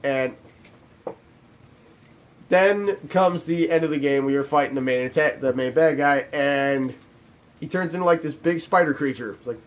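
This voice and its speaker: A man's voice: a little high, normal speed, pauses often. A man ranting through a sarcastic, profane video game review.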